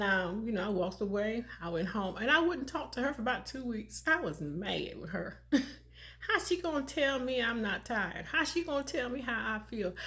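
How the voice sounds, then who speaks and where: A woman's voice: a little high, fairly bright tone. A middle-aged woman hosting a motivational vlog, telling a personal story in a conversational way, laughing often and repeating phrases for emphasis. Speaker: motivational vlogger.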